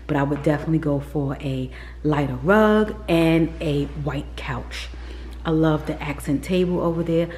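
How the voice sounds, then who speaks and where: A woman's voice: sits low, darkish tone, a little hiss or hum. A woman chatting candidly and casually as she tours a model townhouse for her vlog, often dropping into a whisper. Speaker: vlogger. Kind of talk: casual chat while touring a model home.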